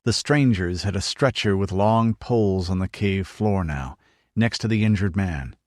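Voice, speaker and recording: An audiobook narrator, a man, delivers scripted narration in a low, measured, slightly mellow voice. The recording is dry and close, with no room sound.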